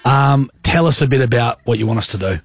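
An Australian man co-hosting a radio show, slangy and animated, acting out quoted voices as he explains. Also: medium pitch, a little fast, husky, dry recording, soft background music. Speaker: radio co-host. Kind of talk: casual radio banter.

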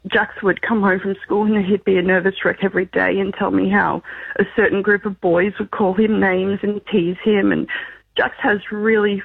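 A woman's voice: medium pitch, gravelly, husky, dry recording. A mother calling in to a radio show, speaking in an emotional, heartfelt way. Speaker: caller, mother. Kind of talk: phone-in call. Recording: dry tinny phone line.

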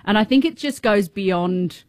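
A woman's voice: medium pitch, expressive, unhurried, a little mellow, no echo. A woman chats and giggles through casual radio banter. Her voice sounds dry and close, with no room around it. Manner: giggly, chatty. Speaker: radio co-host.

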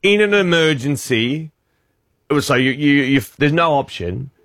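Cocky, joking radio host. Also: male voice, a little high, lively intonation, measured pace, fairly bright tone, no echo, clean studio sound. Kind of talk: breakfast radio banter.

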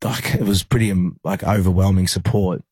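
Low, husky Australian man. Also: fairly even intonation, a little mellow, dry recording. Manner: halting, lots of fillers and restarts. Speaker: interview guest, rugby league player. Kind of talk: emotional personal storytelling.

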